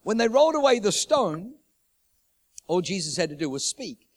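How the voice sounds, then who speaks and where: High-voiced male preacher. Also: sing-song, normal speed. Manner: repeats phrases for emphasis, builds urgency. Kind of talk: sermon.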